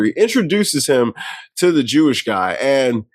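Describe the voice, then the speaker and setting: A man's voice: mid-range voice, expressive, normal speed, dry recording. A man co-hosting a podcast, casually and profanely retelling movie scenes and acting out the characters' lines. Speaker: podcast co-host. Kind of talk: casual film review chat.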